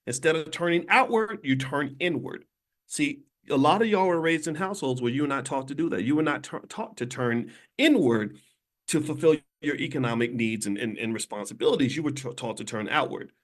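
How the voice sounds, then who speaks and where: A man's voice: fairly high pitch, expressive, brisk. A middle-aged man giving an emphatic, preaching-style lesson over a phone livestream from a hotel room, full of rhetorical questions. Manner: emphatic, rhetorical questions, swings between loud and quiet. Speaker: speaker giving an economics lesson to a live online audience. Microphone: phone on a video stream.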